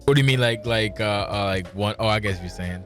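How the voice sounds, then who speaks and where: A man's voice: on the low side, brisk, a bit bright, soft background music. A tipsy man hosting a podcast, chatting casually, swearing a lot and losing his train of thought. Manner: swears constantly, restarts sentences. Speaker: podcast host. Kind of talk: casual profane chat.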